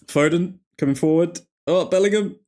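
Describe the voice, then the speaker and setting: A man's voice: high-pitched, normal speed, a little mellow. Chatty man hosting a stream. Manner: chatty, rambling, laughs often, reads chat aloud. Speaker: streamer host. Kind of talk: casual live watchalong commentary.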